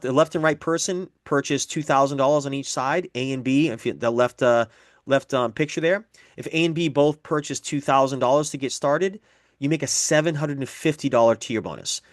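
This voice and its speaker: Man, presenter, step-by-step explanation, dry close sound, mid-pitched voice. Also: no echo. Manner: explanatory, repeats figures, acts out sample dialogue. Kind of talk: business presentation.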